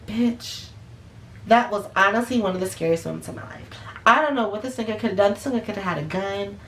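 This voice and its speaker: A woman's voice: medium pitch, slight background noise. A woman telling a storytime vlog in a blunt, profane and emphatic way. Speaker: vlogger. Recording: roomy echo.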